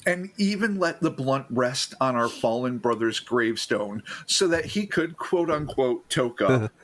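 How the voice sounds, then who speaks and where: Lively man reading listener stories. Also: measured pace. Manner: animated, swearing, laughs and jumps into loud high outbursts. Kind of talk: casual podcast chat and story reading.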